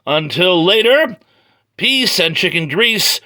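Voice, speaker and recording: A chatty man walks through an old comic book with wry jokes and asides. His voice is bright and a touch high, and he talks from his garage. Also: animated, slow pace. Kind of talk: casual read-through review. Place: home garage.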